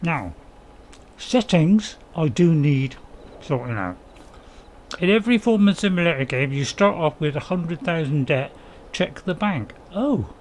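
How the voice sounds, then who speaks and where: A man's voice: a little high, big pitch swings, unhurried, a little hiss or hum. A man hosting a casual game let's-play, chatting with viewers in a rambling, apologetic way with frequent chuckles. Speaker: gaming channel host.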